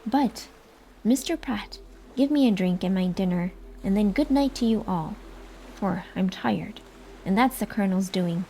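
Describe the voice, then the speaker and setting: A woman's voice: mid-range voice, expressive, measured pace, mellow, slight background noise. A woman whispering as a mocking invisible fairy spirit. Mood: wheedling. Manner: taunting, laughing ho ho ho. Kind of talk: whispered role-play.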